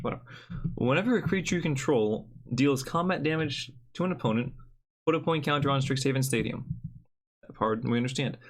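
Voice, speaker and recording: A young man giving a casual, joking card review with blunt opinions. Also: medium pitch.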